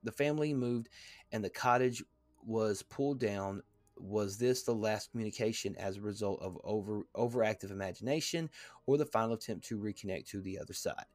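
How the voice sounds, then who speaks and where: A man hosting a podcast, reading a text aloud in a halting way, with fillers and stumbles. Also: on the low side, no echo. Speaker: podcast host.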